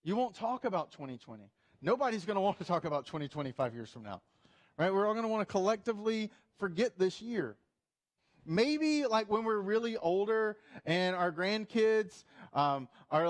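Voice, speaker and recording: High-voiced man preaching a lively sermon. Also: normal speed. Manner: animated, humorous, with playful asides. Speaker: pastor. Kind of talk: conversational sermon.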